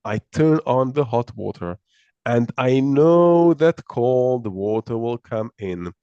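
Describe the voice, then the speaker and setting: A man's voice: medium pitch, expressive, slow pace, dark tone, clean tone, dry recording, muffled recording. A man teaching a live class, explaining step by step, often repeating words and restarting sentences. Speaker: Torah teacher.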